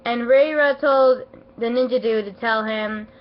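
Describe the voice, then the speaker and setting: A woman giving a casual, rambling anime episode review, emotional and excitable, full of fillers and restarts, her voice not at its best as she feels unwell. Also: on the high side, unhurried. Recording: dull lo-fi home recording.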